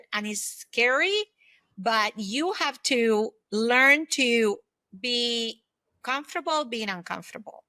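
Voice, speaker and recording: A woman in her fifties speaks as a podcast guest, her voice bright and forward and pitched a little high. She tells personal stories earnestly and at length. The recording is close and dry, with almost no room sound. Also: dry recording. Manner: earnest, reflective, talks in long anecdotes. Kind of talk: conversational interview storytelling.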